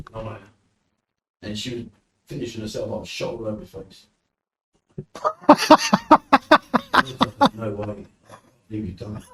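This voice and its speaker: A man from the UK with a British accent recounts animated anecdotes as a podcast guest, acting out what people said. His voice sits on the low side, fairly quick with frequent pauses. He's far from the mic, in a roomy space with faint noise.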